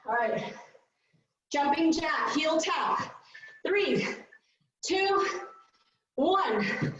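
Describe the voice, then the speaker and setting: Woman fitness coach, breathless and upbeat, slow unhurried cueing; dull, distant recording in an echoey studio. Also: high-pitched, expressive, fairly bright tone. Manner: upbeat cueing with countdowns and whoops. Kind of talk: live workout instruction.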